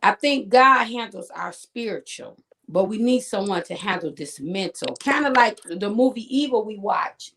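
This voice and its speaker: A woman's voice: mid-range voice, lively intonation, normal speed, few pauses, fairly bright tone, a little hiss or hum. A woman co-host in a casual group chat, making her point emphatically and checking in with her listeners as she goes. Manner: emphatic, preachy, checks in with "you get what I'm saying". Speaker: podcast co-host.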